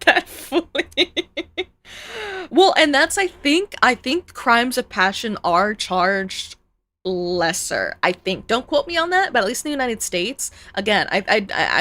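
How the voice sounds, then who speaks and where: A woman's voice: mid-range voice, fairly bright tone. A young woman streaming, chatting casually as she reacts to videos and reads her chat aloud, laughing often.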